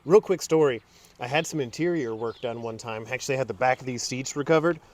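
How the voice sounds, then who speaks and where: A man's voice: medium pitch, quick pace. A man hosting a home garage channel, talking through a truck repair in a casual, chatty way and drifting into side stories. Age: adult. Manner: chatty storyteller, drifts into tangents. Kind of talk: casual how-to narration.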